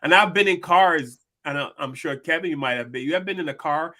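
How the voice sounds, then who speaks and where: A man with a bright, somewhat high voice co-hosts a casual talk show. He tells stories from his own life in an easy, conversational way and acts out the other people in them. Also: brisk. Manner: storytelling, acts out quoted people. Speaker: podcast co-host. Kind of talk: casual discussion.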